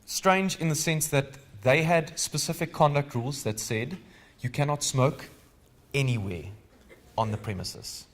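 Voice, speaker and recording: A man with a South African accent teaches a live legal training seminar. He keeps an easy, conversational tone at an ordinary mid-range pitch. He often stops to put questions to the audience. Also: unhurried.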